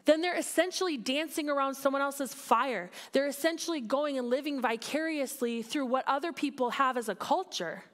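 A woman's voice: high voice, moderate pace, hardly any pauses. Candid woman pastor preaching a sermon. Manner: candid, conversational preaching with rising emphatic peaks. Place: church sanctuary.

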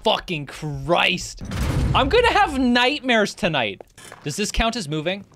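A woman's voice: mid-range voice, very animated, a little slow, music in the background. A young woman streaming a horror game, panicking, swearing and laughing as she plays.

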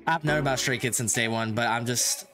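A man's voice: mid-range voice, fairly quick, over music. A man hosting a reaction video, talking casually, swearing often and laughing.

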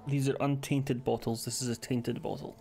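A Scottish man streaming a game live, chatting casually, joking and swearing while thinking out loud. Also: medium pitch, flat delivery, moderate pace, vocal fry, faint music behind. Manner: sweary, jokey, thinks aloud. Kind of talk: casual gaming stream chat.

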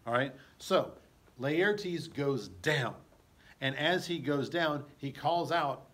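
A man teaches a play scene by scene, reading lines and pausing to explain them. He speaks slowly in a middle male pitch and often stops to check that his listeners follow. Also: lively intonation, fairly bright tone. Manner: slow, explanatory, frequent check-ins.

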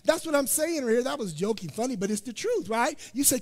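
A pastor from Indiana preaching a sermon, joking and calling out to his congregation in an animated way. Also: extremely high pitch, fairly quick, few pauses. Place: church sanctuary. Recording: long church hall reverb.

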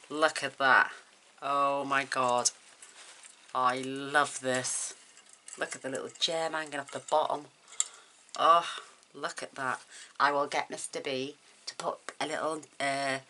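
A woman's voice: a bass voice, pushed and bright, slight background noise. A woman vlogger chatting to camera as she opens craft gifts, gushing and emotional, tearful at times. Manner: gushing and emotional, exclaiming over each item. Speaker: crafting vlogger opening happy mail. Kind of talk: casual chat to camera.

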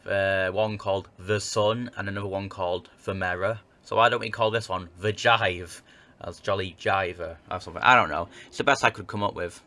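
A young man hosts a casual let's-play, his low-pitched voice bright and forceful, with fairly even intonation at a moderate pace. Chatty and self-mocking, he reads the on-screen game text aloud as he plays.

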